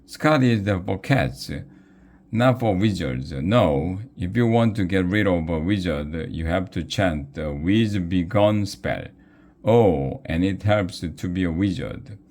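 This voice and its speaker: A man's voice: sits low, expressive, slow pace, a little mellow, full character voice. A man voicing a chatty, rambling male wizard in a storybook reading. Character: babbling male wizard peddler.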